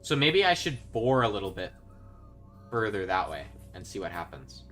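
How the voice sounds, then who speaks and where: A young man giving casual commentary while he plays a video game. He swings from quiet muttering to yelling when he is excited. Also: lowish voice, normal speed, soft background music. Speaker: gaming video host. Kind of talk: casual let's-play commentary.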